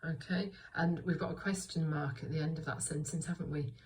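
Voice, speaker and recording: Woman, primary teacher type, low-ish voice, slow clear encouraging delivery for small kids. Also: steady tone, heavy background noise. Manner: slow, clear and encouraging, with many questions to the listener. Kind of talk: reading lesson for young children.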